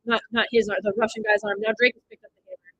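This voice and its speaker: A woman streaming a watch party, blurting excited reactions, swearing, and recapping the plot in loose, rambling sentences. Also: on the high side, rapid-fire, lo-fi sound, a little hiss or hum. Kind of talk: live watch-party commentary.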